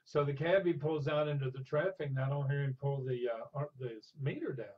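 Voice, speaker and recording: Older man, husky voice, animated storyteller, dull lo-fi recording. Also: mid-range voice, brisk. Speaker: interview guest. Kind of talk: storytelling in a conversational interview. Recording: dull lo-fi sound.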